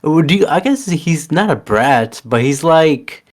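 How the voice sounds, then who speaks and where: Male podcast co-host, slow easy delivery, fairly high voice, laid-back. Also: expressive. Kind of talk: casual movie review chat.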